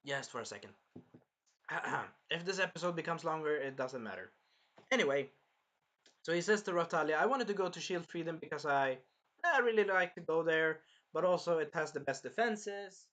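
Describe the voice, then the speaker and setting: A man recapping an anime episode in an excitable, rambling way, jumping between plot points. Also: on the high side, normal speed. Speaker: anime reviewer.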